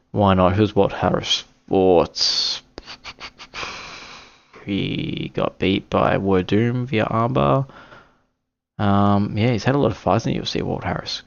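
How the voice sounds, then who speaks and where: A low, gravelly man talks alone in a loose, rambling way, stopping often to correct himself. The recording is dull and lo-fi. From Australia. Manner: rambling, self-correcting, apologetic. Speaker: podcast host giving fight picks. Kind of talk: casual solo commentary.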